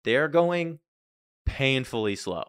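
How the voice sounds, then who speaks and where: A man's voice: medium pitch, expressive, takes it slowly, a bit bright, clear, resonant tone, dry recording. Joking man on a podcast, dry sound. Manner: joking, does mock voices for people. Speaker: podcast co-host. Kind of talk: casual chat.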